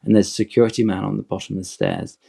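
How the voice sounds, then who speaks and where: Man with a low, gravelly voice telling a story. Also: very fast. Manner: animated, digressive anecdote with acted-out quotes. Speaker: guest telling his fan story. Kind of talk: casual podcast storytelling.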